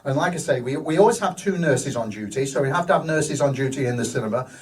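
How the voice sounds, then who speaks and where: A man's voice: medium pitch, expressive, quick pace, distant mic, rough recording. A man, a hospital cinema manager telling rambling, enthusiastic stories in a live stage interview. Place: live show venue.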